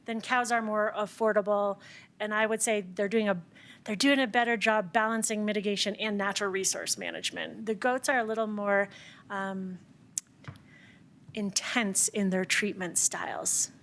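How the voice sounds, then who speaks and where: City staff woman walking a council through answers, clear and step by step, mid voice. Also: medium pitch, steady tone, moderate pace, a bit bright. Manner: clear, methodical explanations. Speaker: city open space staff member. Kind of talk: explaining at a council meeting. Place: council chamber.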